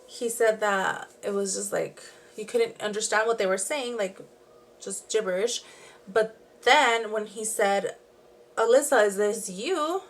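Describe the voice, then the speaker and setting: A woman's voice: mid-range voice, unhurried. A young woman telling a true crime story in a chatty, rambling way while doing her makeup at home. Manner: chatty, rambling, with frequent "like" and asides. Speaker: beauty and true crime vlogger.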